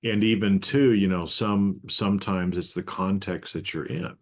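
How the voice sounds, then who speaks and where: Deep-voiced man musing on a podcast. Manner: reflective, speaks in short halting phrases. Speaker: podcast co-host. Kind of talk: casual podcast conversation.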